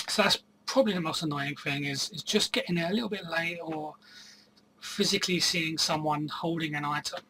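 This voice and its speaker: A man's voice: on the high side, a little fast, sharp tone, slight background noise, low-quality recording. A man talking casually to camera about his reselling year, chatty and hesitant with many ums and restarts. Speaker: reseller vlogger. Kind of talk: casual solo vlog storytelling.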